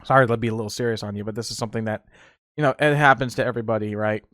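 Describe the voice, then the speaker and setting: A man's voice: on the low side, fairly even intonation, very fast, a bit bright, no echo, clean studio sound. A young man hosting a casual solo podcast, telling rambling stories with laughter and restarts. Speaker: podcast host.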